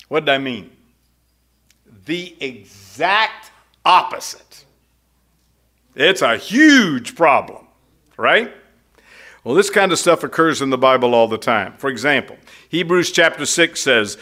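A man preaching an expository sermon, teaching in a slow, emphatic, conversational way with many rhetorical questions. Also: on the high side, lively intonation, bright, forceful tone.

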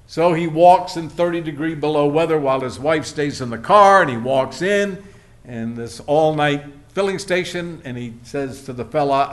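Slow, lively-voiced male preacher. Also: on the high side. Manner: folksy storytelling, acts out quoted voices. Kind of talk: sermon with anecdotes.

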